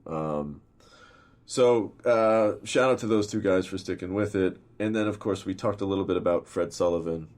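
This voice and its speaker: A film director talking in a casual interview, rambling and swearing freely, with lots of fillers. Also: male voice, deep voice, normal speed, a little mellow. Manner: rambling and profane, full of fillers.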